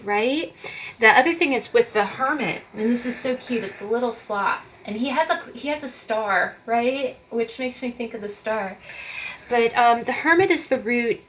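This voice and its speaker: A woman's voice: a little high, a bit bright, poor audio. A woman giving a casual tarot card reading to viewers, chatty and encouraging, often repeating herself.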